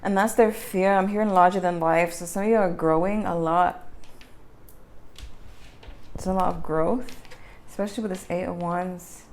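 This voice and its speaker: A woman talking through a casual tarot reading for her viewers. Her voice sits slightly low, and she rambles in a chatty way, often correcting herself and laughing between thoughts. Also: fairly even intonation, normal speed. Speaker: tarot reader.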